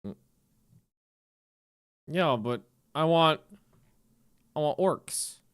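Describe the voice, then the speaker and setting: A man's voice: fairly high pitch, drawn-out words, clean tone. Rambling, profane male streamer. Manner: rambling, profane and excitable, often laughing. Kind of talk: casual chat while livestreaming a game.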